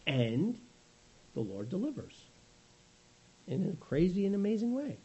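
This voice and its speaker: A middle-aged male preacher tells the story with animated, conversational energy. His pitch sits fairly high and leaps about, and his tone is mellow with a husky grain. The recording is slightly muffled. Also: moderate pace, pauses often. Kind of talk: sermon.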